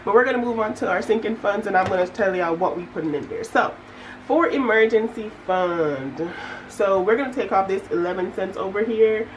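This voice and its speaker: A woman's voice: medium pitch, normal speed, slight background noise, rough recording. Chatty young woman vlogging her budget. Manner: animated storytelling, chatty asides to viewers. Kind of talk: casual chat while budgeting.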